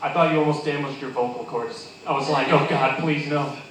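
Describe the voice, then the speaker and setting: A man's voice: mid-range voice, steady tone, fairly quick, a bit bright. A man performing a crude stand-up comedy set at a pub, rambling and laughing at his own jokes. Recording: echoey pub room.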